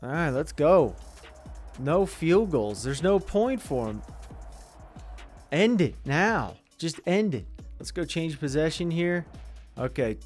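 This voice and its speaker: A young man giving casual, excitable commentary over a football video game, talking to the players on screen in slang. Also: mid-range voice. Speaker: gaming commentator.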